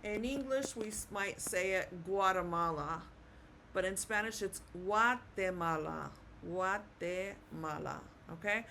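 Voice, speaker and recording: A woman teaching Spanish pronunciation in a slow, patient classroom manner, repeating words and checking in with "okay?". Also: medium pitch, fairly bright tone, a little hiss or hum.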